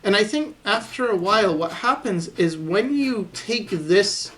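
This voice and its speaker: A man recording a voice-over as he sketches, calmly thinking aloud about his drawing habits and encouraging viewers to keep practicing. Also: high voice, unhurried. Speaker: artist teaching drawing. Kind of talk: voice-over commentary while sketching.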